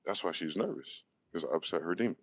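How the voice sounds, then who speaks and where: A man's voice: low-pitched, expressive, fast talker, poor audio. A man ranting in a profane, combative monologue, asking questions and answering them himself. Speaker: online video host.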